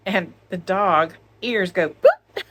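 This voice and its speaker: Heavy background noise sits under this woman's fairly low voice, which keeps a moderate pace. As co-host of a crochet vlog shot on a phone at home, she chats casually, jokes and laughs.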